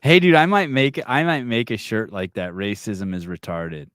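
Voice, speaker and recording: A man hosting a podcast, telling a story in casual chat, swearing often and getting animated. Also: on the low side, moderate pace, dry recording, studio quality. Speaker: podcast host.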